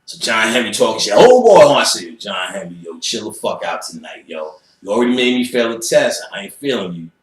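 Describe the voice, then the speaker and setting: Fairly quick and with few pauses, a lowish-voiced man with a fairly bright tone tells an energetic, profane story in an interview, imitating people and making sound effects. The recording sounds roomy and echoey.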